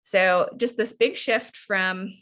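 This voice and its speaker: Bright-voiced woman coach on a video call. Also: mid-range voice, takes it slowly. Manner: animated, frequently acts out parent and child lines. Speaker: parenting coach leading a workshop. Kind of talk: online workshop teaching.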